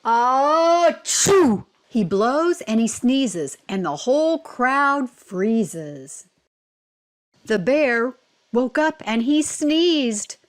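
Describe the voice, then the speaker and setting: A woman reading a picture book aloud for children, slow and clear, stopping to ask simple questions. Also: a little high.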